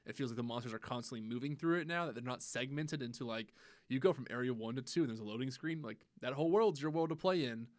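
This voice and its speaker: A young man chatting on a gaming podcast at a quick clip, his voice dry and close with no room around it. He is animated and swears freely, often jumping into loud acted-out lines as he retells his play. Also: medium pitch, no echo. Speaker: podcast co-host. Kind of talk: casual gaming podcast chat.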